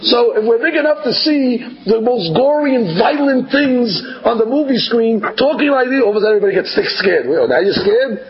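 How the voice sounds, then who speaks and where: A rabbi teaches his regular class with a high-pitched voice. He talks to his listeners in a conversational way and answers their imagined objections himself. The recording sounds dull and lo-fi. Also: expressive, fairly quick, hardly any pauses, a loud crowd. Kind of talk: Torah class.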